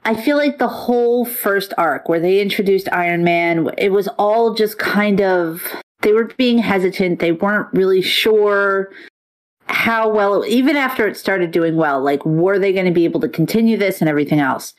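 An excitable woman chatting casually as a podcast co-host. She talks freely and a little rough, with a voice at an ordinary middle pitch, and she swears now and then. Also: moderate pace. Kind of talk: casual chat.

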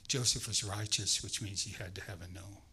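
Male guest preacher, sermon, bright tone, animated storyteller. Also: lowish voice, fairly quick, breathy edge, rough recording. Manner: animated storytelling, acting out voices.

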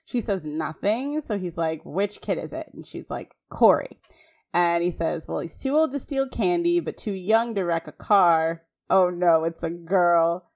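Woman recapping a sitcom episode, chatty. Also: lowish voice. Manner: animated, reads quotes aloud quickly. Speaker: podcast co-host. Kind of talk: casual recap chat.

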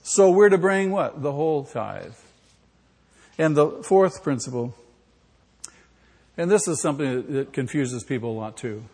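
A man's voice: medium pitch, vocal fry, darkish tone, slightly rough. A male pastor preaching an emphatic sermon in a church, putting questions to the congregation. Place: church sanctuary. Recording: long hall reverb.

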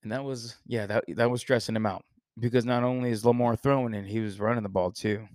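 A man's voice: medium pitch, steady tone, fast talker, darkish tone, no echo, clean studio sound. A man hosting a casual sports podcast, joking and rambling through banter with his co-host. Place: Texas.

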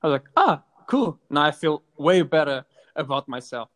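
Man, casual chat, hesitant, playful, slightly high voice. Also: steady tone, fairly quick, a bit bright. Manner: hesitant, many fillers and restarts, playful.

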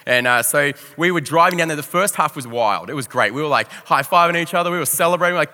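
A young Australian man preaching a sermon as a pastor, telling a personal story in an animated, self-deprecating way and acting out quotes. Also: fairly high pitch, very fast, few pauses. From Victoria, Australia. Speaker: youth pastor. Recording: long hall reverb.

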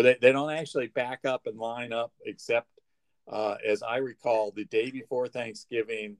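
A man's voice: mid-range voice, dry recording. A man co-hosting a casual chat, teasing dryly and often repeating and restarting words. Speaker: co-host. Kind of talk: casual banter.

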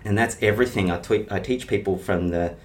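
Aussie health coach guy, kinda low voice, explains stuff with lots of examples, casual chat. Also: a little fast. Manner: emphatic, explains with analogies and stories. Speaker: health and weight-loss coach. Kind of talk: casual podcast interview.

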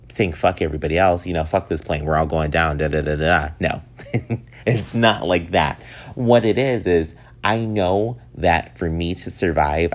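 A man in his thirties hosting his own podcast, talking casually and animatedly, laughing often as he goes. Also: sits low. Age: 30s. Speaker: podcast host. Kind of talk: casual solo podcast talk.

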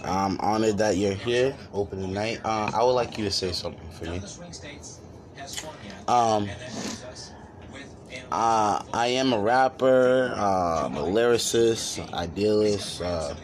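A man's voice: on the low side, slow, long pauses, a crowd in the background. A man hosting his first podcast, talking casually, profane and joking. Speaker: podcast host. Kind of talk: casual chat.

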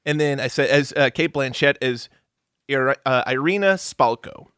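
A man's voice: mid-range voice, normal speed, a bit bright, clear, resonant tone, dry recording, studio quality. A man co-hosting a casual movie review chat, running through cast lists and joking around. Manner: reads cast lists, sings and does silly voices. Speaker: podcast co-host.

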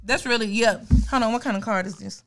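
A young woman rants her way through a casual podcast chat, her voice on the higher side. She gets animated as she acts out little scenes in exaggerated voices. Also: fast, a little hiss or hum. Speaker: podcast co-host.

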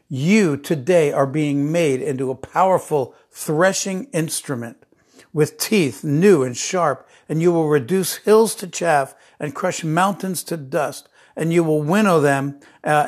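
A middle-aged man delivers a sermon in a fairly high voice. He presses his points by repeating key phrases, then drops to a near-hush for the tender lines. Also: measured pace. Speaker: preacher.

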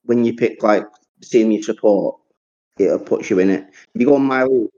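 In a dull, lo-fi recording, a podcast co-host chats casually, rambling and swearing freely. He has a fairly low, dark voice and a brisk delivery.

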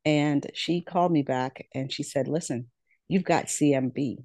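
Middle-aged woman telling her story, mellow and dry. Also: sits low, measured pace, no room sound. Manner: earnest, repeats words, acts out quoted dialogue. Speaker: podcast guest. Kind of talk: personal storytelling in an interview.

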